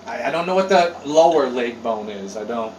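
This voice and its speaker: A man chatting casually on a podcast. He tells rambling stories with lots of swearing and animated outbursts. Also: mid-range voice, moderate pace. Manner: animated, profane, rambling storyteller. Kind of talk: casual chat. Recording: roomy echo, distant mic, faint noise.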